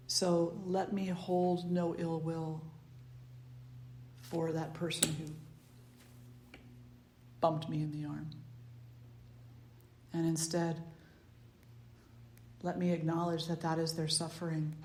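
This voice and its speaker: A woman spiritual teacher speaks in a low, unhurried voice, letting each phrase settle and repeating words for emphasis. The room around her rings with echo. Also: little pitch movement, a little mellow, a little hiss or hum. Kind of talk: spiritual talk.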